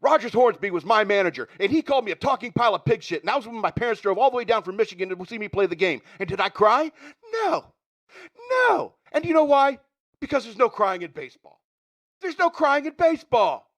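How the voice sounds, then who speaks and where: A man doing an impression of a gruff, hard-drinking baseball manager who yells at a player. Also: sits high, lively intonation, a little fast, pitched above the performer's own voice. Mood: yelling. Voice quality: yelling, incredulous.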